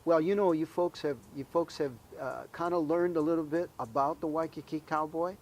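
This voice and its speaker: A man hosting a children's show, gently quizzing young guests and leading sing-alongs. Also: on the high side, fairly even intonation. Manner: slow, gentle, quizzing kids. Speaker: host. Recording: music behind voice.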